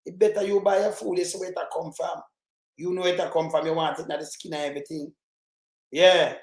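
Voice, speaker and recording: A man's voice: high-pitched, reverberant, low-quality recording. A man with a Jamaican accent giving rambling, emphatic commentary in patois.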